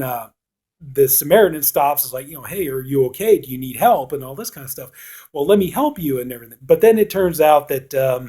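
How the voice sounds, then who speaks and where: Husky man rambling through a movie plot. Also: mid-range voice, mellow. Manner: rambling plot retelling full of "you know". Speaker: horror movie reviewer. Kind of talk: casual spoken movie review.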